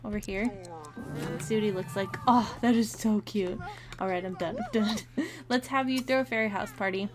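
A woman's voice: mid-range voice, fairly quick. A young woman giving a chatty, giggly commentary on a life-simulation game, often talking to her characters. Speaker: gameplay commentator. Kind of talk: casual let's-play commentary. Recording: faint game music behind.

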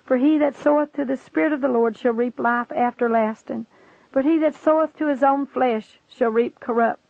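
A woman's voice: sits high, normal speed, vocal fry, no room sound. A woman voicing Jesus as a solemn male judge, speaking in scriptural wording. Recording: tinny phone-like line.

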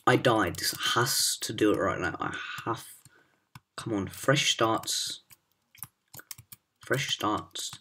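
A woman with a strikingly deep voice that swings widely in pitch, talking through a hard game in casual commentary. She grumbles, swears and drops to mutters under her breath, recorded on a laptop mic with keyboard clicks and a faint hiss behind. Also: a bit bright. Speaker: gamer playing a parkour map.

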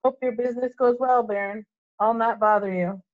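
A woman's voice: a little high, steady tone, normal speed, natural voice. A woman voicing a mischievous male poltergeist in a storybook read-aloud, sly and fawning, on a dull lo-fi recording.

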